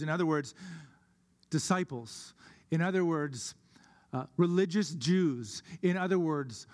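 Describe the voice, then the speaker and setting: A man delivers a sermon from the pulpit, earnest and deliberate, stretching out his key words. His voice sits a little higher than most men's. The long reverb of a church hall trails after every phrase. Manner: earnest, slows down for emphasis. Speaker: pastor.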